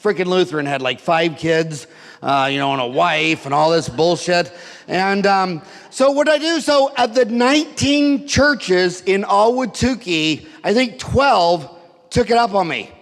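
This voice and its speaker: A man's voice: high voice, expressive, unhurried, fairly bright tone. Brash profane man on a hall stage. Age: middle-aged. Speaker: seminar speaker. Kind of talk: comedic rant seminar. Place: conference hall. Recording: hall reverb, live seminar.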